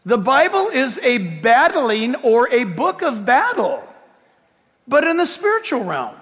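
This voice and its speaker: Animated preacher with a high voice. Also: male voice, a little slow, big-room sound. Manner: animated, jokey, acts out the scripture scenes. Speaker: pastor. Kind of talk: sermon.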